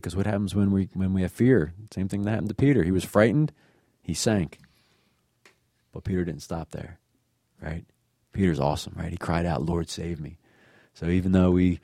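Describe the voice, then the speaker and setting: A man talks casually about a scripture passage, often restarting and repeating phrases. His voice is very low and mellow, and the recording is close and dry. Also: dry recording. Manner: warm, rambling, many restarts. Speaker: reflection participant. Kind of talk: casual faith reflection.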